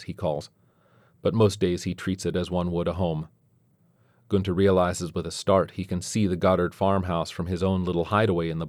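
A man narrates a story in a deep, low voice. The sound is close and dry with no room around it. He keeps a steady storyteller's pace. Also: no room sound. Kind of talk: scripted narration.

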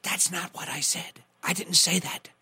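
A man doing a quick impression of a boastful male presidential candidate who repeats himself. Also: sits high, steady tone, sharp tone, slightly rough, no echo, heavily acted.

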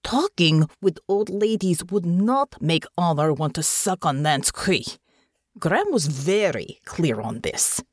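A woman voicing an earnest, resolute young woman soldier in an audiobook, soft-spoken and formal. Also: on the low side, lively intonation, slow pace, dry recording. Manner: soft, sincere, formal phrasing. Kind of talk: audiobook character voice.

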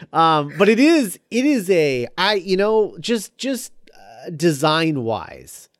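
Brief: podcast co-host, man, a bit high-pitched, dry close sound, eager and hesitant. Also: sing-song, no echo. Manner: halting, enthusiastic, many fillers. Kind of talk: casual film discussion.

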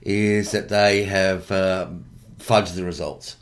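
A man's voice: low-pitched, level tone, slow. A man chatting casually on a podcast, mock-serious and joking, often stumbling and restarting. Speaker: podcast co-host. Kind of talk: casual chat.

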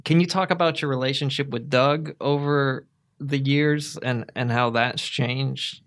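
Male interviewer, casual, gravelly voice with some vocal fry. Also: mid-range voice, steady tone, measured pace, a bit bright.

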